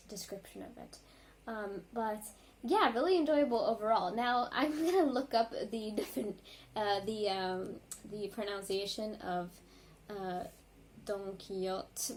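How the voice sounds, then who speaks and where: A woman vlogger reacting to music in a casual, rambling chat, full of ums and likes and quick apologies. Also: medium pitch, slight background noise.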